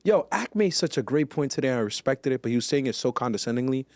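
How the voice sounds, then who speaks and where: Casting note: quick, emphatic male podcast co-host, dry close sound. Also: medium pitch, animated, a little mellow, no echo. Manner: fast, emphatic, gets heated. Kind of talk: casual podcast commentary.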